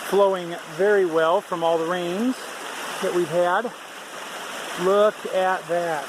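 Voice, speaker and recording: A man's voice: sits high, fairly even intonation, slow pace. A man hiking a long trail and chatting casually to his camera outdoors, easygoing and full of fillers. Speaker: thru-hiker vlogger. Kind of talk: casual vlog narration to camera. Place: outdoors on a mountain trail by a stream. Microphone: handheld camera mic. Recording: faint outdoor background noise.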